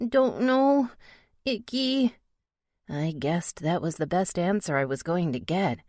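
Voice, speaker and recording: A woman narrating a romance audiobook in the first person, expressive in the dialogue. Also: deep voice, normal speed, no room sound, clean studio sound.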